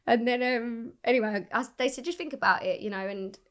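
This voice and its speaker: A young woman, a singer, telling her story in a casual interview, animated and swearing freely as she acts out what people said. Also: on the high side, fairly quick. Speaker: singer guest.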